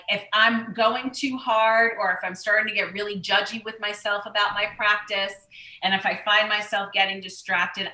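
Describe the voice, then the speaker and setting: Bright-toned, blunt woman yoga teacher. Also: medium pitch, roomy sound, rough recording. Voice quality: candid and blunt, swears casually. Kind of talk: casual podcast conversation.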